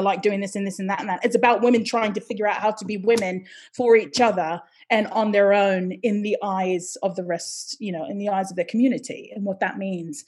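A middle-aged woman from the United States, a stage performer chatting as an interview guest, telling lively stories with laughter and the odd swear word. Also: medium pitch. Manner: animated storyteller, swears, laughs often. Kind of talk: casual interview chat.

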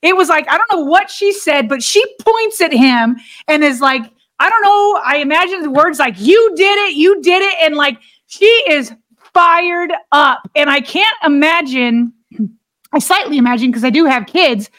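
A woman's voice: sits high, expressive, moderate pace, fairly bright tone. A woman co-hosting a casual sports podcast, talking earnestly and rambling with lots of restarts. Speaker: podcast co-host.

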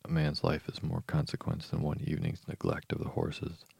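A man reading the lines of a sharp-tongued young mistress of the house. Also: a bass voice, very animated, normal speed, gravelly, breathy edge, no room sound, exaggerated voice. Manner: sharp, cutting.

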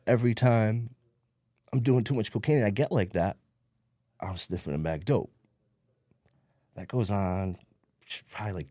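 In a relaxed interview, this New Jersey man, a podcast guest with a local accent, lays out his story without sugarcoating, cursing freely and performing other people's lines. He sounds low-pitched and mellow, captured in studio quality without any echo, and comes across streetwise and blunt.

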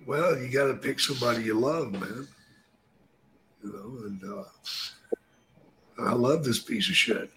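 A man's voice: mid-range voice, unhurried, long pauses, noisy background. Casting note: older male host, terse and profane, faint ambience behind him. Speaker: podcast host, retired wrestler. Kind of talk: casual chat.

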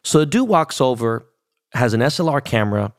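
A man's voice: medium pitch, big pitch swings, fairly quick, no room sound, clean studio sound. A man, hosting a podcast and telling a story in a casual, profane, slangy rant. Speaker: podcast host.

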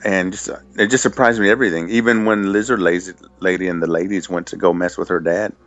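A man co-hosting a podcast, sharing his reactions in halting, hesitant casual chat. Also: low voice, steady tone, fairly bright tone, muffled recording, faint music behind.

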